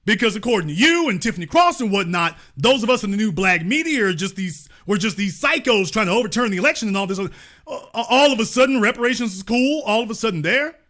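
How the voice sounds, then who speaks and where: A man's voice: sits high, expressive, fast, sharp tone. A middle-aged man hosting an online show, giving sarcastic political commentary full of mocking, theatrical rhetorical questions.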